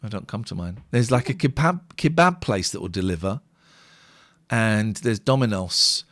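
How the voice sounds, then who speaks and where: A man's voice: lowish voice, expressive, normal speed, fairly bright tone, no echo, studio quality. A man co-hosting a late-night live stream, chatting casually and reading out viewer comments in a wry way.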